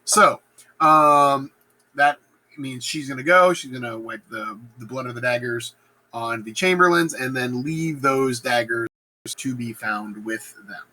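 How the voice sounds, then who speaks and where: A male teacher casually retelling a play in a lesson, slangy and animated, acting out lines in voices. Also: mid-range voice, unhurried, rough recording. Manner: animated, slangy, acts out quotes in funny voices.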